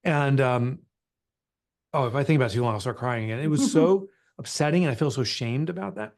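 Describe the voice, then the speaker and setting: A man's voice: medium pitch, fairly quick, vocal fry, a little mellow. Earnest middle-aged man telling his story. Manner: earnest, emotional, confessional. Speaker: author and guest. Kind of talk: candid storytelling interview.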